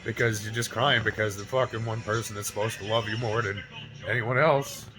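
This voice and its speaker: A low-leaning, fairly even voice belongs to a man in his forties who speaks briskly on a low-quality recording over music. This fitness vlogger recounts a painful personal experience to camera, raw and close to tears, swearing freely with constant "right?" and "you know?" tags.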